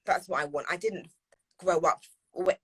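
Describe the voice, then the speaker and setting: A woman's voice: fairly low pitch, moderate pace, fairly bright tone, slightly rough. A woman speaking as a guest in a live discussion, earnest and repeating phrases for emphasis. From United Kingdom. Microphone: video call.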